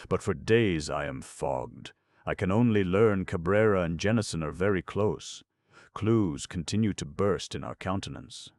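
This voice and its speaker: A man's voice: low-pitched, no room sound, clean studio sound. A man voicing a courtly older police detective in an audiobook, speaking in formal, flowery phrases with clipped grammar. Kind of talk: audiobook narration.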